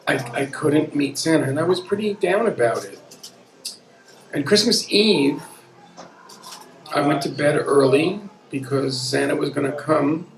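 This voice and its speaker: A man's voice: a little high, creaky. A man in his fifties telling a personal story live on stage, earnest and conversational with a wry edge. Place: pub room at a live storytelling event. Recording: echoey pub room with an audience. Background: audience murmur.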